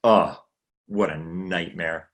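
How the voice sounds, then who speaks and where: Low-voiced man, chatty guest from Maine. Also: steady tone, slow pace, fairly bright tone. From Maine, USA. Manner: chatty, rambling, swears freely. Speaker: guest actor. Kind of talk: casual livestream Q&A.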